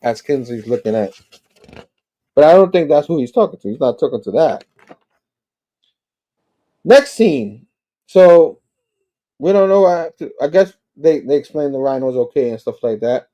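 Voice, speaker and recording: A man hosting a casual show, retelling scenes loosely and quoting characters in quick voices. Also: on the high side, expressive, mellow. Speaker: show host. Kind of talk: casual episode recap.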